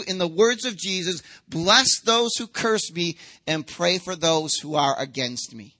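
A man preaching a sermon with a high, bright voice. He talks to the congregation in an emphatic, conversational way and acts out quotes as he goes. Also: unhurried, hardly any pauses. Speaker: pastor.

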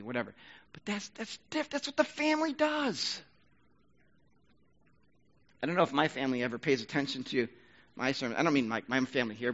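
A man preaching a sermon as pastor, talking conversationally and rising to loud, emphatic bursts. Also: medium pitch, muffled recording.

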